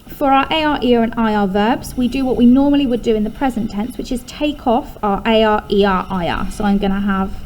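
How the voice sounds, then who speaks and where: A woman's voice: fairly high pitch, fairly quick, few pauses, a little mellow, slight background noise, poor audio. Patient English woman teaching a lesson. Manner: patient, explains step by step, stresses key syllables. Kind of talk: recorded lesson walkthrough.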